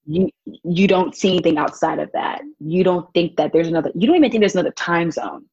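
A young woman tells lively stories in a casual interview, acting out every quote. Her voice is husky and a little low. The recording is dry and slightly dull. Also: fast, dry recording. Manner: animated, acts out quotes with laughs. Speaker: guest, volunteer child advocate.

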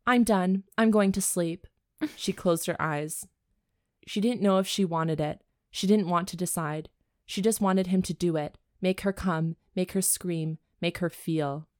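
A woman's voice: lowish voice, steady tone, unhurried, a little mellow, no room sound, studio quality. A woman co-hosting a comedy podcast, reading a romance novel aloud and breaking off for bawdy, joking asides. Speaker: podcast co-host and reader.

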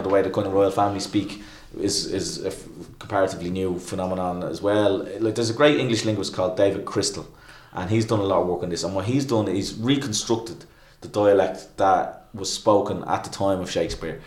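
A man's voice: fairly low pitch, darkish tone. A man talking casually as a podcast guest, rambling with many restarts and fillers. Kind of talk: casual chat. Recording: echoey room.

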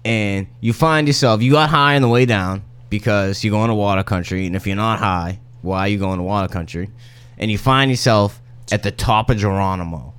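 A man running a comedic tabletop role-play as game master, telling the scene in a casual, profane, animated way. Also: lowish voice, a little fast, clear, resonant tone.

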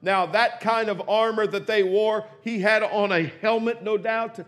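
A preacher man with a strikingly high voice delivers a sermon in a church sanctuary. He builds to shouts and calls out to his congregation. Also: steady tone, a little slow. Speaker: pastor.

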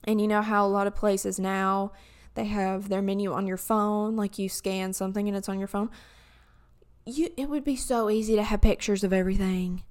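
Chatty young woman reading posts aloud. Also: mid-range voice. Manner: chatty and animated, many "like" fillers and restarts. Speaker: video creator reading and reacting to opinion posts. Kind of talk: casual reaction chat, reading posts aloud.

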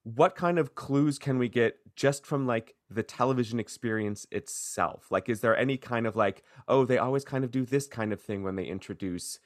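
A man's voice: mid-range voice, normal speed, hardly any pauses, dry recording, studio quality. Playful, chatty man podcast host. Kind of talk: casual chat.

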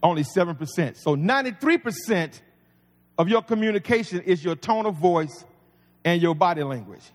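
A man's voice: high voice, lively intonation, normal speed. A man preaching a sermon as pastor, folksy and conversational with humor. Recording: long reverb of a large hall.

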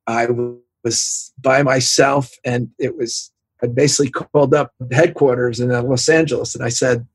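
Gravelly sixty-something man telling stories. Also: mid-range voice, no room sound. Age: 60s. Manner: animated anecdotes, acts out quoted voices, laughs often. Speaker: sports executive guest. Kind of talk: casual storytelling interview.

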